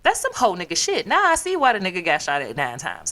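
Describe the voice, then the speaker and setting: A woman's voice: high voice, brisk, hardly any pauses. A young woman from the South Side of Chicago with a Chicago accent, hosting her own podcast as a blunt, profane solo rant that slips into mimicked quotes. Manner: profane, blunt, animated storytelling with put-on quotes. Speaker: podcast host.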